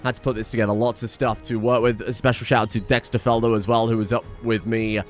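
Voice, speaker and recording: Man, game commentary, excitable, swears a lot, slightly strained voice, mid pitch, faint music behind. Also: fast. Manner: excitable, swears freely, jokey asides. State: voice strained from shouting. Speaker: gaming channel host. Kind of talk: let's play commentary.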